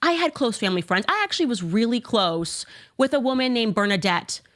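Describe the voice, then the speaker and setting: A woman's voice: fairly high pitch, lively intonation, fairly quick, a bit bright. A woman talking in an amped, incredulous rush, telling a story on a podcast. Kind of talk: animated podcast talk.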